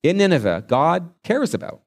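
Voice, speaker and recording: A man's voice: on the high side, big pitch swings, normal speed. A man preaching a sermon as a pastor, retelling a scripture story earnestly and stretching key words for emphasis.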